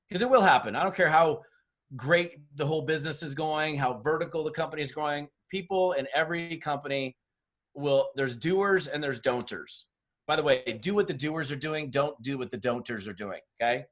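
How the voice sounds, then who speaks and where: A man's voice: on the high side, fairly quick, a bit bright. A middle-aged man giving blunt, tough business training on a webinar, telling stories with acted-out dialogue. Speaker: network marketing trainer. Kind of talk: motivational webinar talk. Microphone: webinar mic.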